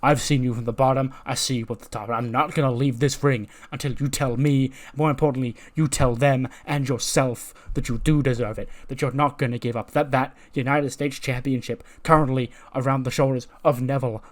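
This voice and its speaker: A man's voice: medium pitch, close to an everyday voice. A man voicing a passionate male pro wrestler who gives his best friend a rousing pep talk in a game storyline. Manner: emphatic, rousing speech.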